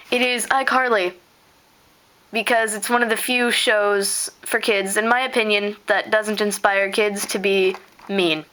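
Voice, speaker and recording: A woman's voice: mid-range voice, pushed and bright. A teenage girl from Arkansas answering a voice meme questionnaire, chatty and giggly. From Arkansas, USA. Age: teens. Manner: chatty and giggly, reads aloud with stumbles. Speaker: vlogger.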